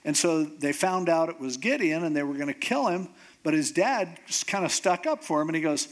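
A man's voice: fairly high pitch, expressive, brisk. A man teaching a Bible story in a casual, conversational way, acting out the characters as he goes.

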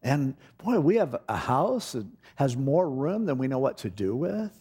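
A middle-aged man preaching a sermon, telling a personal story with animated delivery and acting out the voices in it. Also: medium pitch, a little slow, breathy edge. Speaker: pastor.

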